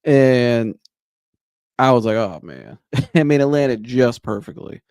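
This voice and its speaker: A man's voice: mid-range voice, steady tone, slow pace, darkish tone, clear, resonant tone, no echo, clean studio sound. A man hosting a podcast, telling a long rambling anecdote in a casual way, with restarts and laughter. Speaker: podcast host. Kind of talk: casual storytelling.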